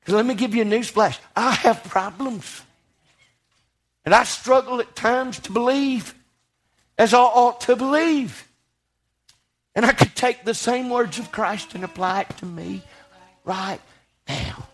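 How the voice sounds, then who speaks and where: A man's voice: extremely high pitch, measured pace, pauses often, a bit bright. A man preaching a sermon in a church, rising to fervent passages and putting questions to his congregation.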